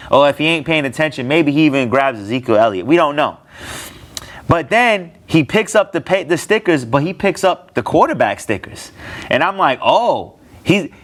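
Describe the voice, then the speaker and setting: A man hosting a casual sports talk show, telling a story with animated, incredulous outbursts. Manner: animated storytelling, pitch jumps up when incredulous. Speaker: show host. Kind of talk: casual fantasy football talk.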